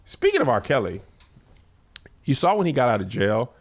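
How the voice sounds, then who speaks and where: A man co-hosts a podcast in loose, joking chat, his voice rising and falling in lively swings at a middle pitch. He talks fast and often jumps in over his partner. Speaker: podcast co-host. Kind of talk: casual chat.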